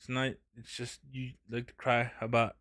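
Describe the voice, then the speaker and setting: A man's voice: medium pitch, completely flat delivery, normal speed, a bit bright, no echo, clean studio sound. A man streaming a game, talking casually, joking and swearing in mock outrage. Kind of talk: casual gaming commentary.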